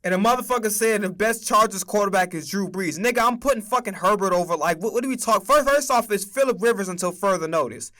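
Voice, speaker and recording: A man's voice: sits high, fast talker, few pauses, pushed and bright. A young man streaming a casual sports rant, emphatic and profane as he argues his takes.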